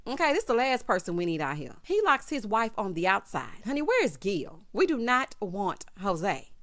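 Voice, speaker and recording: A woman giving a sassy, gossipy recap of a reality show, calling people "honey" and "child" and breaking into loud laughter. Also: mid-range voice, a little fast, no room sound. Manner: animated, bursts into loud laughter.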